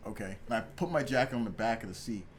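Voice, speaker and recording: A young man co-hosting a podcast, telling animated school stories with plenty of swearing and laughter. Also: medium pitch, fast, a little hiss or hum. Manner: animated storyteller, swears freely, laughs often. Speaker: podcast co-host. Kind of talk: casual chat.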